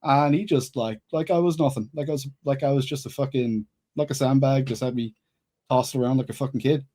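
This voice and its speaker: A man guesting on a casual podcast, telling old work stories in a loose, rambling way. His voice sits at a middle pitch, and he leans on "like" and "you know" as he talks. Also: a little fast, mellow. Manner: rambling, heavy on "like", swearing. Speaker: podcast guest, former bouncer. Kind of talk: casual storytelling chat.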